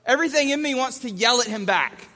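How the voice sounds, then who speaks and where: A man delivers a sermon in a very high, bright, forceful voice. He tells his stories with lively energy and acts out the scenes. His voice rings through a large hall with long reverb. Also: fast talker. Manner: animated storyteller acting out scenes. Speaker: pastor.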